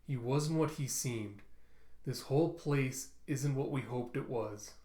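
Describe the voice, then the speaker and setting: A man voicing a meek male scientist who speaks softly and consolingly, reading from a comic. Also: medium pitch, takes it slowly, lightly acted. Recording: roomy echo.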